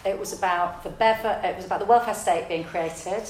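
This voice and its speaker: A woman, a theatre director telling her story in a relaxed, reflective interview. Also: medium pitch, fairly quick, a little hiss or hum. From south London, England. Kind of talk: casual interview conversation. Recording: roomy echo.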